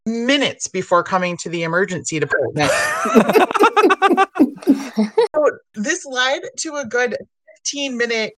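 A woman who works as an emergency physician assistant, telling stories in a casual podcast chat, animated and laughing often. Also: fairly high pitch, takes it slowly, long pauses.

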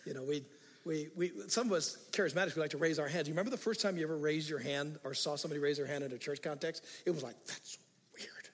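An older man preaching a sermon as pastor, animated, moving from hushed asides to loud emphatic passages. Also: fairly high pitch, very fast. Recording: reverberant hall.

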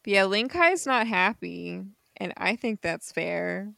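A woman's voice: medium pitch, expressive, slow, vocal fry, sharp tone, dry recording. A woman co-hosting a podcast, recapping a comic in casual chat with unsure asides and easy laughs. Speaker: podcast co-host.

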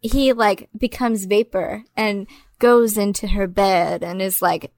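A woman's voice: mid-range voice, steady tone, slow, a little mellow, no room sound. A woman co-hosting a casual film discussion podcast, speaking bluntly and frankly. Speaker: podcast co-host.

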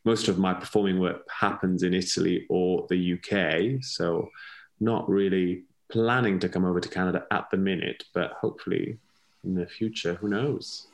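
A man with a very low voice and a gravelly, crackling edge talks as a podcast guest. His speech is casual and meandering, doubling back on words and leaning on fillers as he goes. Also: steady tone, normal speed. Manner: rambling with many restarts and fillers. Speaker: podcast guest, ballet dancer. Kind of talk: casual conversational interview.

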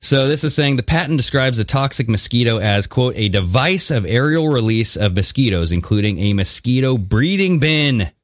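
A man co-hosting a podcast in casual chat, talking in an animated, conspiratorial way as he reads out and reacts to news. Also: medium pitch, moderate pace, hardly any pauses, no echo, studio quality. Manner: animated, conspiratorial, mixes reading with jokes. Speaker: podcast co-host.

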